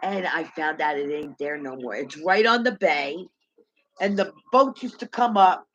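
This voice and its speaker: Middle-aged woman vlogger, bright and forceful tone, meandering storyteller who stumbles and restarts, on a dull lo-fi recording. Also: sits low. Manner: halting, loose storyteller who repeats words and laughs at her own memories. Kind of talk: rambling personal storytelling.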